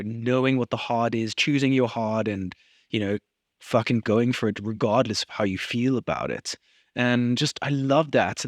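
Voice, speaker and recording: A young man co-hosting a laid-back podcast, talking in a mid-range voice. He gets excitable and swears freely as he riffs. The sound is dry and close, with no room echo. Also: medium pitch. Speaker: podcast co-host. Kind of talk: casual podcast chat.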